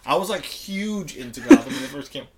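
A man's voice: sits high, very animated, a little fast, vocal fry, crowd noise. A young man co-hosting a casual chat in a laid-back, sarcastic way.

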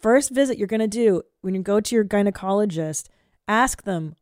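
A woman hosting a podcast, chatting casually and telling stories in a blunt, profane, animated way. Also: mid-range voice, fairly quick, no room sound, studio quality. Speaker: podcast host. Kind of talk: casual chat.

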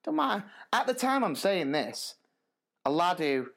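A man's voice: high-pitched, a little slow, vocal fry. Male teacher co-host, chatty storyteller, voice leaps up and down. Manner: animated, laughs through stories. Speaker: podcast co-host, primary school teacher. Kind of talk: casual storytelling chat.

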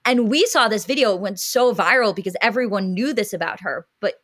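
A woman's voice: mid-range voice, fairly quick, fairly bright tone. A young woman co-hosting a podcast, telling a story in an emotional, gushing way with lots of filler words. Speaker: podcast co-host. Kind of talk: casual chat.

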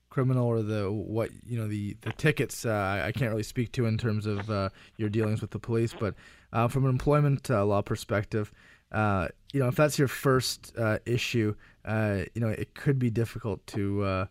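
A man's voice: lowish voice, normal speed, no room sound. A man giving employment law advice to a caller, hesitant with many uhs and restarts. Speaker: employment lawyer. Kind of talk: call-in advice.

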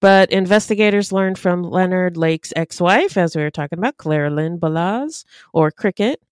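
A woman co-hosting a true-crime podcast, reading case notes in a steady, matter-of-fact way. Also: fairly low pitch, moderate pace, clear, resonant tone, dry recording, studio quality. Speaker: podcast co-host.

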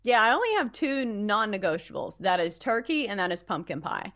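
A woman's voice: mid-range voice, big pitch swings, fairly quick, fairly bright tone, no echo, studio quality. A woman hosting a sports talk show, chatting playfully and steering the segment. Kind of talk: casual sports radio chat.

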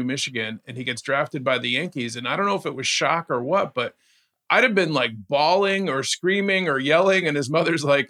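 A man co-hosting a casual sports podcast, telling stories in an animated way and laughing often. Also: mid-range voice. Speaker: podcast co-host.

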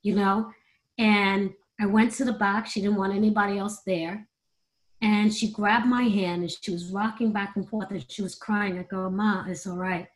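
A middle-aged American woman, a guest in an interview, speaks at a moderate pace in a steady, mid-range voice. She tells personal stories candidly, earnestly and emotionally, laughing easily along the way.

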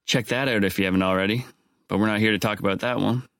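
Male podcast host, low voice, dry close-miked sound, joking and casual. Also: fairly even intonation, fast, fairly bright tone, no echo. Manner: wry, joking asides.

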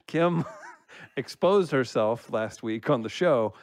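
A man's voice: medium pitch, slow pace, no echo, clean studio sound. A man co-hosting a podcast, reading listener comments aloud in casual banter and laughing often. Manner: laughs often while reading, relaxed joking.

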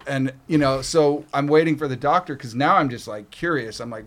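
With a steady, medium-pitched voice, this middle-aged Canadian man talks at a quick pace with hardly any pauses. A podcast guest, he tells stories casually, swearing freely and imitating the people he quotes.

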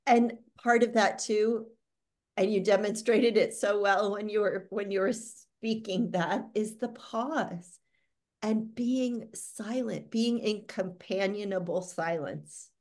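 A woman at mid pitch talks gently as a podcast host. She speaks slowly and leaves room for pauses. The tone is thoughtful and conversational. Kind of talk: conversational interview.

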